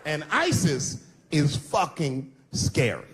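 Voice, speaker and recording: A man in his forties delivers a stand-up set from a theater stage into a handheld mic. His pitch sits a touch high and leaps about wildly, jumping from squeaky highs to deep drawls. A faint room hum lies underneath. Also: slow. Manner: animated, swings between high squeals and low drawls for effect. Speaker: stand-up comedian. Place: large theater stage before a live audience.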